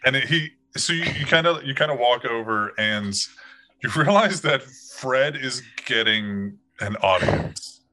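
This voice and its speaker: A man running a tabletop game with a very bright, ringing voice. He chats loosely as he narrates, breaking into laughs and filling the gaps with "um" and "like.". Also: mid-range voice, animated, a little slow, poor audio. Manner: chatty, laughing, full of fillers. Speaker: game master.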